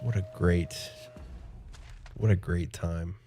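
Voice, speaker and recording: Man, live streamer, casual gaming chat, giddy, laughs a lot, low voice. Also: steady tone, takes it slowly, dark tone, soft background music. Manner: giddy and emotional, laughs often. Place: home.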